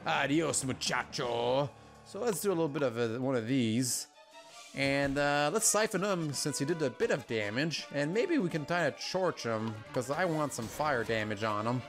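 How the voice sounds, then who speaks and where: Anxious, pleading man playing a game. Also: fairly high pitch. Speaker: let's play host. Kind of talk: casual gameplay commentary.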